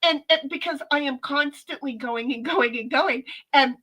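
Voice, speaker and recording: A woman's voice: high-pitched, normal speed, bright, forceful tone, rough recording. A woman hosting a casual livestream from home, talking earnestly to her chat and reading out their comments, often repeating words as she gathers her thoughts, and swearing now and then. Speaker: livestream host.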